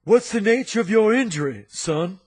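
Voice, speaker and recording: A man's voice: sits high, animated, moderate pace, darkish tone, husky, voice pushed up. A man voicing a stern older male school disciplinarian who questions two boys in a formal, clipped military way.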